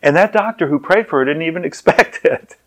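A man's voice: fairly high pitch, animated, fairly quick. A man preaching a sermon, telling a story in a conversational way that often repeats and restarts words.

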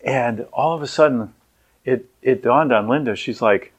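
A male preacher telling a sermon story in a relaxed, conversational manner. His voice sits at an ordinary middle pitch. He often repeats and restarts words as he goes. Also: normal speed, husky.

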